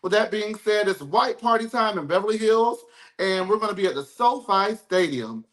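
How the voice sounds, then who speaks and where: A podcast host with a high-sitting, animated, slightly bright voice runs a live reality TV review show at a moderate pace. His casual recap chat is sassy and campy, and he calls people "girl" and "baby."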